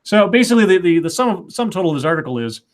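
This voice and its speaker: A man's voice: high voice, sing-song, racing. A man co-hosting a stream, reading an article aloud with sarcastic asides.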